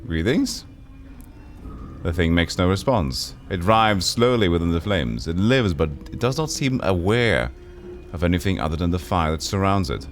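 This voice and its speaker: A man's voice: sits low, very animated, normal speed, soft background music. A man streaming a retro role-playing game, reading its text aloud and chatting casually with viewers.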